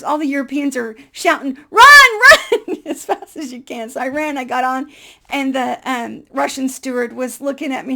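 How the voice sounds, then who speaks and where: A middle-aged woman vlogger telling a personal story in a lively, animated way and acting out the dialogue. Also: fairly high pitch, vocal fry. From United States.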